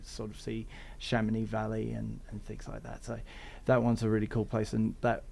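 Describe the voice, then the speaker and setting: A man's voice: on the low side, monotone, normal speed, vocal fry, darkish tone, slightly rough. A man from England with an English accent tinged by Australian, talking easily as a podcast guest about hiking and travel. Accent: English with some Australian. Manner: rambling, easygoing storytelling. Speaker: guest, thru-hiker. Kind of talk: casual interview chat.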